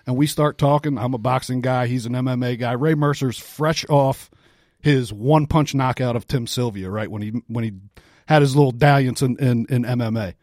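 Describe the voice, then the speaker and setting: A man co-hosting a podcast, telling a story in a casual, profane, animated way with frequent laughs. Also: medium pitch, normal speed, no echo, studio quality. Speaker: podcast co-host.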